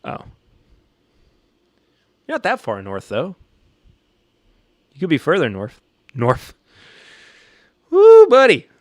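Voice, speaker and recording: A man's voice: mid-range voice, big pitch swings, slow, long pauses, fairly bright tone, no room sound, clean studio sound. Joking Southern man hosting a podcast. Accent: Southern American. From Southern United States. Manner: joking, rambling, reacting to chat. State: a little stressed. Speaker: podcast host. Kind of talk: casual live-stream chat.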